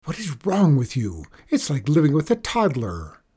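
Man doing a shrill, bratty teenage sister. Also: wildly swooping pitch, moderate pace, warm tone, slightly rough, full character voice. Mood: accusing. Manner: shrill and accusing. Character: bratty teenage girl, scornful older sister. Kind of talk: audiobook character voice.

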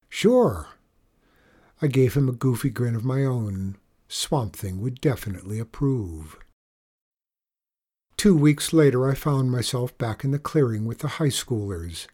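A man's voice: medium pitch, mellow. A man giving wry first-person audiobook narration.

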